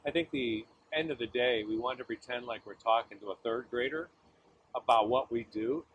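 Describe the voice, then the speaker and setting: A man with a husky voice giving sales advice, telling stories in an animated way. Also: mid-range voice, normal speed, phone-quality sound, a little hiss or hum. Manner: animated anecdotal storyteller. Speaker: sales advisor guest. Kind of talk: casual business chat.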